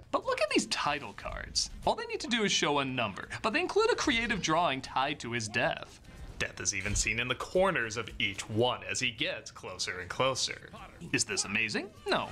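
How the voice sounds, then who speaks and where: Young guy doing a movie review, super animated voice, bright and sharp, faint music under. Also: medium pitch. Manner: enthusiastic, wry. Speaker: film reviewer. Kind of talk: scripted review narration.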